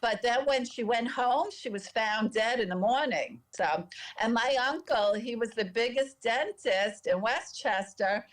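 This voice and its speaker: A woman, a podcast guest, telling a personal story with lively delivery and frequent laughter. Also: a little high, a little slow. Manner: lively, laughs often between sentences.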